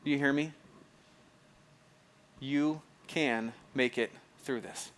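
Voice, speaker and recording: A man's voice: mid-range voice, fairly even intonation, takes it slowly, fairly bright tone. Male pastor, mid-range voice, talky sermon style, stumbles and restarts, checks in with the crowd. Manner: conversational, repeats phrases, asks the audience if it makes sense; restarts and stumbles often, fills with "like".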